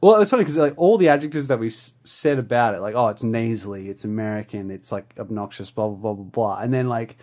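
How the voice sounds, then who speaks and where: A man co-hosting a podcast in casual chat, animated and jumping into silly voices. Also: mid-range voice, fast, hardly any pauses. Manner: animated, breaks into silly character voices and laughs. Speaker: podcast co-host.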